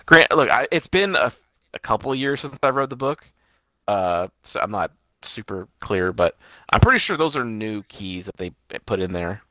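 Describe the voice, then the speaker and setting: A man's voice: fairly low pitch, very animated, moderate pace, pushed and bright, no room sound. A man in casual chat who hedges his claims and swears now and then. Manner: hedging, profane, casual.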